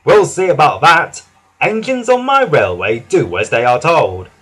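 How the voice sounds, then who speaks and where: Guy doing a stern railway boss, loud and firm, husky, bouncy pitch, kids storybook. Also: very animated, exaggerated voice. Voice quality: firm, commanding. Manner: brisk, loud exclamations. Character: stern portly railway boss, bossy but kind.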